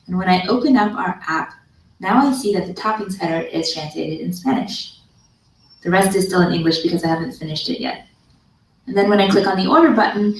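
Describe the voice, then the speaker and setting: A woman narrating a scripted programming tutorial in a calm, explanatory way, played as a video in a classroom. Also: lowish voice, echoey room, slight background noise. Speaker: online course instructor. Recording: video played into a room, heard from far.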